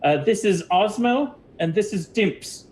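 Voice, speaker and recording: A man's voice: high voice, lively intonation, unhurried, a little mellow, a little hiss or hum, pitched above the performer's own voice. A man voicing a pompous, four-foot-tall male lizard wizard who leads a band, talking grandly and theatrically. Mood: boastful.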